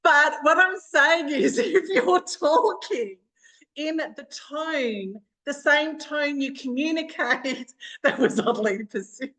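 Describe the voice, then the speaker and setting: A woman's voice: sits high, slow pace, pushed and bright, low-quality recording. An Australian woman with a bubbly, chatty manner who laughs often, leading a live online training session as a business coach over a video call.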